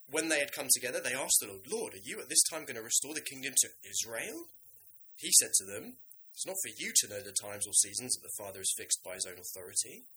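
A man preaching a sermon in a lively, conversational way, now and then acting out the voices of biblical figures. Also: medium pitch, a little hiss or hum, poor audio.

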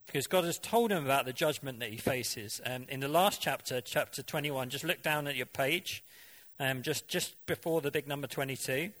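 A man with a medium-pitched, fairly bright voice preaches at normal speed in a conversational way. He frequently asks the congregation questions and occasionally mimics voices for effect.

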